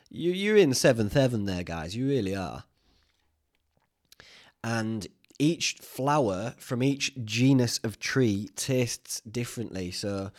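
A young man with a broad Northern English accent talks in a loose, rambling podcast chat. His voice sits at an ordinary middle pitch, and he drifts between tangents with easy swearing. The close podcast mic keeps it direct and conversational. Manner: chatty, swears freely, tangential storytelling. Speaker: podcast host.

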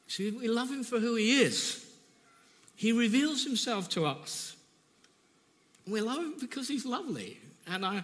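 A man preaching a sermon, telling his own testimony earnestly and emotionally, with halting repeats. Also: sits high, animated, sharp tone, long reverb tail.

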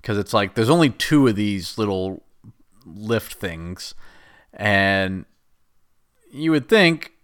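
A man's voice: fairly low pitch, expressive, takes it slowly, pauses often, fairly bright tone, smooth. Rambling man recapping a film. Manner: rambling, exasperated, laughs at the plot. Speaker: show host recapping a film.

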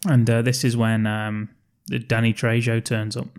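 A man's voice: mid-range voice, level tone, moderate pace, clear, resonant tone. Picture a man in mid-register chatting on a comedy podcast. He recaps a film plot in loose banter, swearing casually and cracking jokes as he goes. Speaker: podcast co-host.

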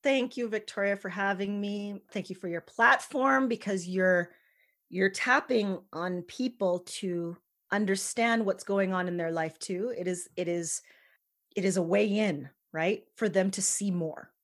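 A woman's voice: medium pitch, unhurried. A woman guest on a podcast, talking earnestly and emphatically, sometimes dropping almost to a whisper. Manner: earnest, emphatic, softens to near-whisper at times. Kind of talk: casual interview chat.

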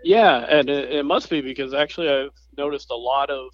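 A man from the South, co-hosting a podcast in easygoing, halting chat and laughing often. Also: mid-range voice, no room sound. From American South. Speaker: podcast co-host, theme park bus driver. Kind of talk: casual chat. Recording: dry, muffled audio.

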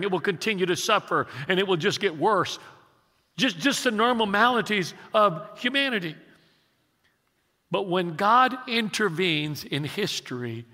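Forceful pastor in a reverberant hall. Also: male voice, a little high. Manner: halting restarts while telling a story, emphatic when preaching. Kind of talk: sermon.

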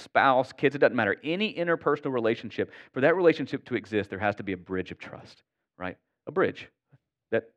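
A man's voice: mid-range voice, a bit bright, muffled recording. A man who is a pastor, preaching a sermon in an earnest, conversational way and often checking in with the congregation.

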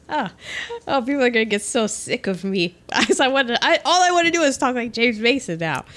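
A woman's voice: fairly high pitch, very animated, a little fast, a bit bright. A woman co-hosting a podcast, talking in a chatty, rambling, self-mocking way. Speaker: podcast co-host. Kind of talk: casual chat.

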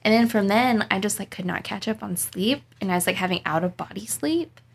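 Gravelly-voiced woman, casual podcast rambling. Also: mid-range voice, a little fast. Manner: profane, rambling storytelling with laughs. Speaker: podcast co-host, dog groomer. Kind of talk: casual chat.

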